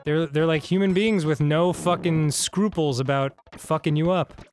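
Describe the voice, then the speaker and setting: A man's voice: on the high side, steady tone, normal speed, faint music behind. A man co-hosting a casual let's-play, telling a rambling story full of "like" and swearing. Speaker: co-host.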